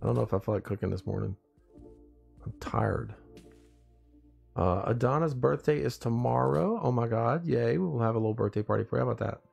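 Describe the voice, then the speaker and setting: A man's voice: mid-range voice, a little fast, vocal fry, darkish tone, slightly rough, soft background music. A man hosting a casual morning live stream, tired and groggy after little sleep, rambling along and greeting his viewers by name.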